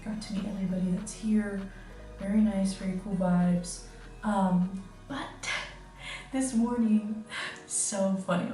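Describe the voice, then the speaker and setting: A woman's voice: medium pitch, warm tone. Chatty young woman in an echoey room. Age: young adult. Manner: chatty storytelling, many "like"s and giggles. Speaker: study-abroad student vlogger. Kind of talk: casual vlog chat. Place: kitchen indoors. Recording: echoey room, distant mic, faint music.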